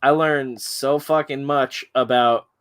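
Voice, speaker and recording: A man's voice: medium pitch, fairly even intonation, takes it slowly. A man hosting a stream, telling a crude story in casual chat and laughing often. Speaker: stream host.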